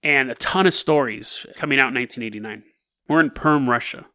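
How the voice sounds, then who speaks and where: A man hosting a podcast, telling a strange tale in a casual, animated way and laughing between lines. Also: mid-range voice, a little fast. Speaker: podcast host. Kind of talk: casual storytelling.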